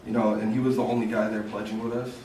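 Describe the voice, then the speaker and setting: A young man giving an informal memorial speech as a fraternity brother, halting and full of fillers like "like" and "you know". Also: lowish voice, little pitch movement, darkish tone. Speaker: eulogy speaker, fraternity brother. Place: large echoey hall at a memorial. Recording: echoey hall, distant voice, room noise.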